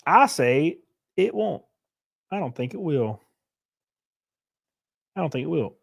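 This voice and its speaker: A man's voice: on the high side, animated, takes it slowly, vocal fry. A man hosting a casual livestream, reading viewers' comments aloud and answering them in a loose, joking, rambling way. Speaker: livestream host reading chat.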